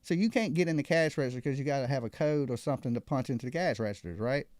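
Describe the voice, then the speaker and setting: A man's voice: medium pitch, animated, very fast, a little mellow, dry recording, studio quality. A man hosting a live call-in show, telling a story casually and acting out other people's lines.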